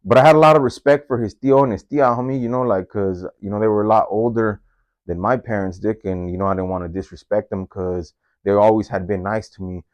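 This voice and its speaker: A man telling a story from his own life in a casual, slangy, profane way, leaping up in pitch whenever he quotes someone. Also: steady tone, fast talker, a little mellow, no room sound, highs cut off. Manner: slangy and profane, jumps into high-pitched voices when quoting. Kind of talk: casual first-person storytelling.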